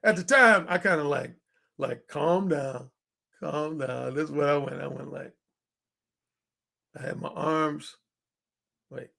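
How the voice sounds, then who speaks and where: A man telling a story in a casual monologue, animated and repetitive, acting out the quotes. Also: on the high side, measured pace, creaky, long pauses. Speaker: dating commentator.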